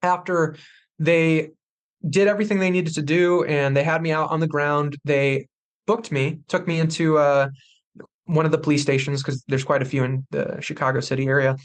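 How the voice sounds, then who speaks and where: Intense storytelling man, fairly high voice. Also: moderate pace. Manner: intense, animated retelling with acted quotes. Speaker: podcast guest. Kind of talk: personal storytelling.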